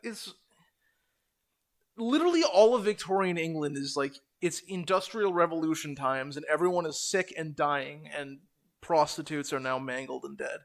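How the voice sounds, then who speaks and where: A young man with a gravelly, fry-laden voice pitched a little high, talking loosely on a podcast. He rants with animated, profane energy, moving quickly from one gripe to the next. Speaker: podcast co-host. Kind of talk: casual chat.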